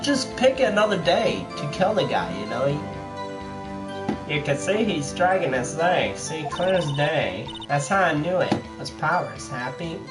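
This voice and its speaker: Guy doing crude jokey commentary on a game, lively voice, game music in the back. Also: a little high, unhurried. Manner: crude, joking, laughs often. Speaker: let's play host. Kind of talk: casual gameplay commentary.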